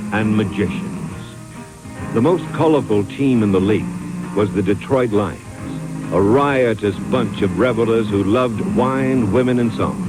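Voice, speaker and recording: A man giving dramatic, measured scripted narration for a sports documentary. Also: medium pitch. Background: music.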